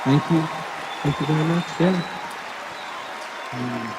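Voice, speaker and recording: Man, stand-up comedian, playful storytelling, light higher voice, long hall reverb. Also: slow, a loud crowd, very noisy. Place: stage in a large hall.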